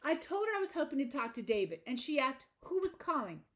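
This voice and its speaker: A woman narrating a first-person audiobook in a measured, plain delivery. Her voice sits a little high for a woman. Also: big pitch swings, fairly bright tone.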